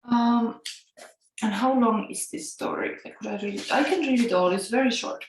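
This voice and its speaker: A woman's voice: on the high side, normal speed, a little hiss or hum. A woman from Finland giving a casual tarot reading and reading a fairy tale aloud, with a Finnish accent tinged with Italian and a musing, chatty manner. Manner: musing, chatty, laughs often. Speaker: tarot reader. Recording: echoey room.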